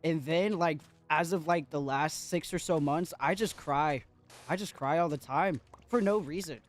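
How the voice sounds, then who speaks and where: A man's voice: fairly high pitch, normal speed, soft background music. A man chatting playfully to his viewers while livestreaming a game, giggling often and talking to chat. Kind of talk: casual gaming livestream chat.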